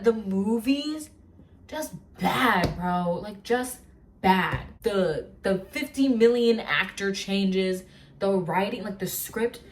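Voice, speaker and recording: Chatty young woman ranting about books. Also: medium pitch. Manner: animated, rambling rant with filler words. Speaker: vlogger. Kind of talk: casual chat.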